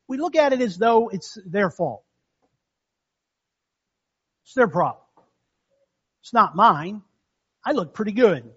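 A man's voice: high-pitched, dull audio. A man preaching a sermon as pastor in a folksy, conversational way, calling out amens to the congregation.

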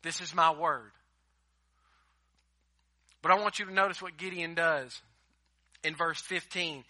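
A man preaching a sermon as a pastor, emphatic, swinging between loud declarations and hushed asides. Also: a little high, steady tone, a little slow, pauses often, dry recording, clean studio sound.

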